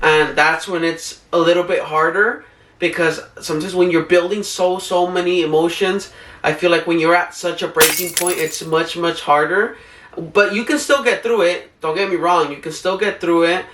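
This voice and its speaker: A man's voice: sits high, steady tone, normal speed, a bit bright, reverberant, recorded from a distance. A young man vlogging about coping, talking in an earnest, rambling way with many "like" fillers. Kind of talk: casual heartfelt advice talk.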